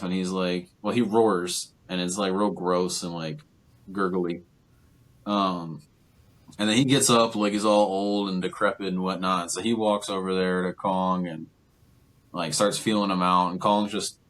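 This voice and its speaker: A young man co-hosting a casual movie chat, rambling through a plot recap with lots of "like" and "um". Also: deep voice. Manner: rambling, filler-heavy retelling with lots of "like" and "um". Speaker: podcast co-host.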